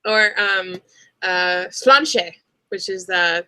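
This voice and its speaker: A woman's voice: mid-range voice, expressive, moderate pace, sharp tone, no echo, poor audio. A teenage girl co-hosting a casual livestream, eager and chatty, asking questions. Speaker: co-host.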